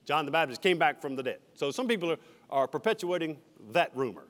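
A man's voice: fairly high pitch, expressive, brisk, a bit bright. A man, a senior pastor, preaching an expository sermon verse by verse, with friendly asides to the congregation. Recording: reverberant church hall.

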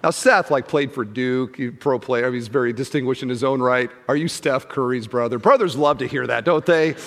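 A man preaching a sermon as pastor, telling a story with lively acted-out exchanges before an earnest appeal to fathers. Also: mid-range voice, normal speed, big-room sound. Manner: animated storyteller who acts out the people in the story. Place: large church auditorium.

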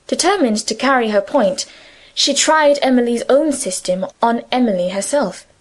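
A woman reading a classic novel aloud as an audiobook narrator, in measured, even storytelling. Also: a little high, rough recording. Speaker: audiobook reader.

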